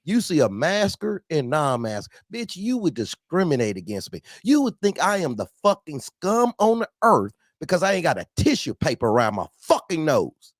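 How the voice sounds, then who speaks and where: A man's voice: on the high side, very animated, moderate pace, few pauses, no echo, studio quality. A man ranting angrily on a talk show, swearing constantly and repeating himself as he gets heated. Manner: angry, swearing, repetitive outbursts. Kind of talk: heated profane rant.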